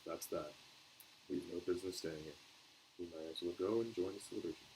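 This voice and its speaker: A man doing Dumbledore, calm old wizard. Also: low voice, slight background noise, poor audio. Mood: subdued. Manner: calm, measured, dryly humorous. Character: old wise male wizard, calm and dry.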